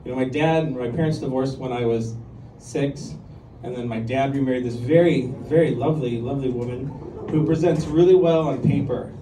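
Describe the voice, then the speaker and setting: On stage at a comedy club, a fifty-something comedian delivers a chatty, self-mocking set peppered with ums and likes. His medium-pitched voice is mellow at normal speed; the echoey room is recorded from afar, with slight background noise, audience laughter, and ambience.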